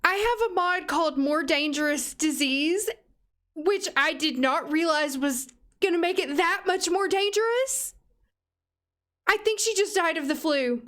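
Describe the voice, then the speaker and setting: A woman hosting a let's play, giving chatty, expressive gameplay commentary. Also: extremely high pitch, unhurried.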